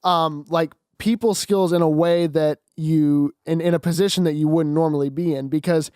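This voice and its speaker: A man's voice: a little high, steady tone, normal speed, darkish tone, clean tone, no echo, studio quality. A teenage boy co-hosting a casual chat, talking in an easygoing way with fillers. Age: teens. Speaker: podcast co-host.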